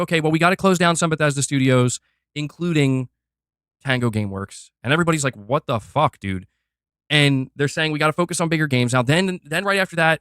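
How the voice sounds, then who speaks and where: A man's voice: a little high, a bit bright, no echo, studio quality. A man ranting as a gaming commentator, reacting to a video in a fiery, exasperated, profane way. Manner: fiery, exasperated, profane, talks fast in bursts. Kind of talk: heated reaction rant.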